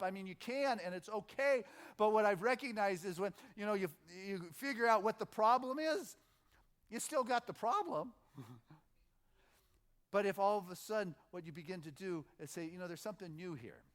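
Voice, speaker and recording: A middle-aged male minister gives an informal, conversational sermon at a spiritual center, stopping and restarting before building momentum through repeated phrases. His voice is high, a bit bright, and moderately paced.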